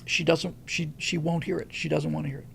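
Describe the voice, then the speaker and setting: A man's voice: fairly high pitch, flat delivery, a little fast, creaky, fairly bright tone, slight background noise. A man hosting a show, talking through a casual commentary monologue and telling a story in a rambling way, often restarting and repeating words. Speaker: show host.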